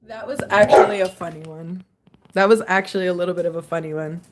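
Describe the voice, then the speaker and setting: A woman's voice: fairly low pitch, quick pace, very noisy. A woman chatting casually on a live stream at home, answering her viewers and scolding her dog between remarks. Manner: chatty, reads and answers chat. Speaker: livestreamer.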